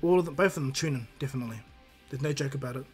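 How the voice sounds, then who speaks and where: A man's voice: medium pitch, racing, breathy edge, soft background music. A man casually telling an improvised fan-fiction story, rambling with many restarts.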